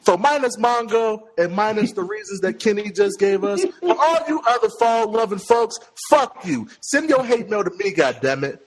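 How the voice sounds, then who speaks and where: A man's voice: high voice, expressive, moderate pace, few pauses, low-quality recording. A congested man ranting, profane and emphatic, as a co-host on a casual podcast. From Cincinnati, Ohio.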